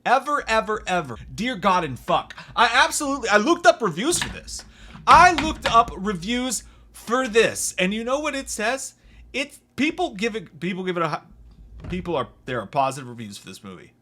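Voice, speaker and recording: A man's voice: sits high, brisk. A young man hosting a comedic movie review, ranting with heavy swearing and mocking impressions of the characters. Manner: profane, animated, mocking impressions.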